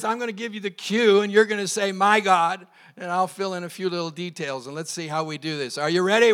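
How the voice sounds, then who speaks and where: High bright-voiced impassioned male preacher. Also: brisk, hardly any pauses, clear, resonant tone. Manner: impassioned preaching, quotes scripture, leads call and response. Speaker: pastor. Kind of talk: sermon. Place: church service.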